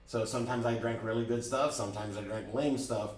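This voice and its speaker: A man at middle pitch tells a personal story to a class, candid and animated, often restarting his phrases. His voice carries from a distance. The room around him is echoey. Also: brisk. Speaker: driving school instructor. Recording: roomy, from a distance.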